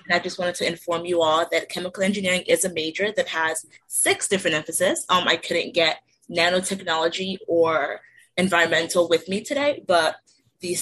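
A woman's voice: on the low side, a bit bright, slight background noise, poor audio. Young woman hosting a student podcast. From Delaware, USA. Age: 20s. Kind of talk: casual podcast moderation.

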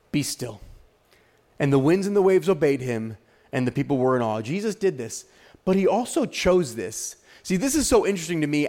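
Man, pastor, high-pitched voice, dramatic sermon delivery, repeated rhetorical questions. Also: darkish tone.

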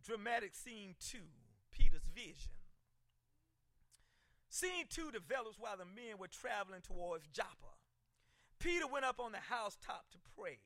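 A male pastor preaching a sermon, driving points home with shouted emphasis and stumbling repeats. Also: high-pitched, sing-song, normal speed, no echo.

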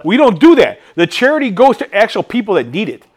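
Man, high voice, lively pitch, heated rambling chat, many fillers. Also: fast talker, breathy edge. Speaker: podcast co-host. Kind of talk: casual chat.

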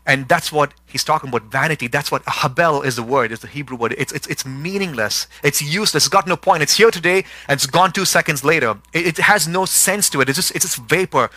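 A man's voice: a little high, fairly quick, hardly any pauses, bright, forceful tone, no echo. A middle-aged man preaching a sermon as pastor, repeating words for emphasis and building to emphatic intensity.

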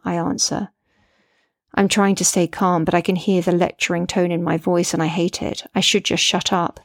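A woman's voice: fairly low pitch, little pitch movement, normal speed, no room sound, clean studio sound. A middle-aged woman, a mother, narrating her memoir in an earnest, reflective way.

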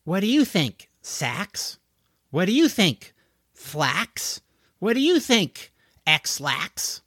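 A man's voice: sits high, very animated, extremely slow, fairly bright tone, no room sound, studio quality, voice pushed up, exaggerated voice. A man voicing an anxious twelve-year-old boy in an audiobook, speaking in an earnest, pleading way. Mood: coaxing.

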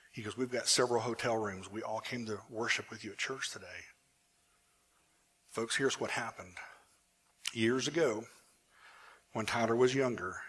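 A male pastor telling a personal story in a sermon, animated at times and hushed in the emotional moments. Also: fairly low pitch, husky.

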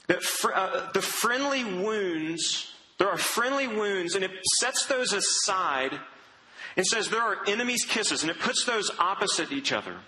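A man preaching a sermon in an earnest, conversational way, often dropping to a soft, low tone. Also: slight background noise, poor audio.

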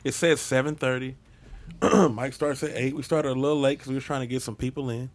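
A man's voice: medium pitch, fairly even intonation, fairly quick, no echo. A man hosting a podcast, talking in loose, profane, casual banter. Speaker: podcast host. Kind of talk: casual chat.

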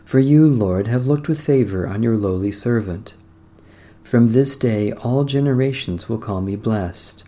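A man reading psalms, prayers and a gospel passage in a measured, solemn, devotional cadence. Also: medium pitch, dark tone. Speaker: prayer reader. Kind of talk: liturgical reading of psalms and scripture.

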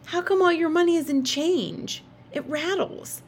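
A woman's voice: very high-pitched, unhurried, a little hiss or hum, pitched above the performer's own voice. A woman reading aloud and voicing a bossy young girl who bickers with her little brother in an exasperated, scolding way.

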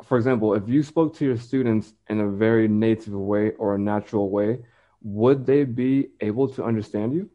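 A man, an English teacher, talking in a relaxed, measured way in a casual podcast conversation. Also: on the low side, dull audio.

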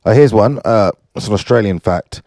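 A man casually reading out fun facts, joking and riffing on them in quick asides. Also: lowish voice, no room sound. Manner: animated, jokey, asides to himself. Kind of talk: casual fun-fact commentary.

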